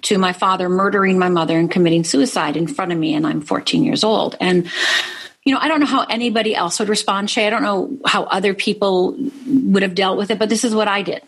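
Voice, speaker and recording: A middle-aged woman from Upper Michigan speaks as a guest in an interview, recounting her own story. Her voice is somewhat husky at a mid pitch, and she talks earnestly, often tagging lines with "right?". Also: fairly quick. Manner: earnest, frequent "right?" tags. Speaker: life coach guest.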